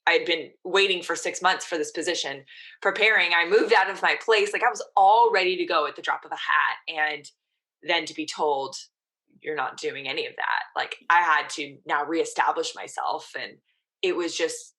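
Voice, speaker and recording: A woman's voice: sits low, normal speed, pushed and bright. A woman in her thirties, a mental performance coach, casually telling her story as a podcast guest and quoting her own past thoughts.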